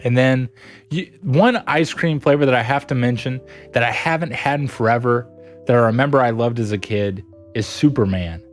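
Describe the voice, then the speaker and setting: With faint music playing in the background, a young adult man on a stream chats casually through viewer messages. He's animated and giggles constantly, speaking at a normal speed in a mid-range voice.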